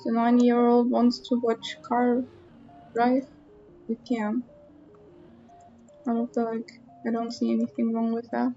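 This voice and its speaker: A young woman live-streams a game and talks casually to her chat, often exasperated. Her voice is slightly high and mellow. The audio is dull and lo-fi, with faint music underneath. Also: completely flat delivery, measured pace, long pauses.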